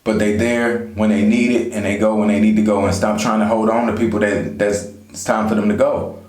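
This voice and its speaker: A man's voice: fairly low pitch, little pitch movement, fairly quick, darkish tone. A man vlogging life advice in a casual, conversational way, talking straight to his viewers and often saying "you know". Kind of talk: casual motivational talk to camera. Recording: echoey room.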